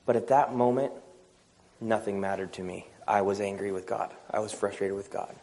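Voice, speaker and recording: A man's voice: on the low side, normal speed, dark tone, a little hiss or hum. A man preaching a sermon, telling a personal story, acting out the dialogue and laughing at himself.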